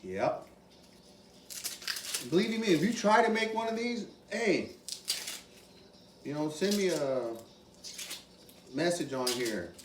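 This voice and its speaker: An animated man walks viewers through a recipe at an unhurried pace, his higher voice leaping around as he exclaims over each step. He sits well away from the camera, so the sound is roomy and echoey, with a faint wash of ambient noise behind him. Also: recorded from a distance. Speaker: cooking video host. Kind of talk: casual cooking demonstration.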